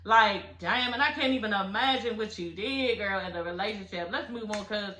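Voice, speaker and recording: A woman's voice: mid-range voice, moderate pace, sharp tone, reverberant. A woman recapping a reality show in casual, blunt, profane chat, laughing as she talks.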